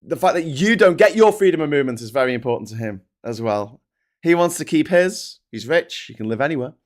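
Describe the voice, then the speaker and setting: A man delivering a profane, sardonic political rant. His voice is fairly high and swings widely in pitch. He jabs at his targets with mocking asides. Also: animated, fairly quick. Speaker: political commentary vlogger. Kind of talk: ranting political commentary.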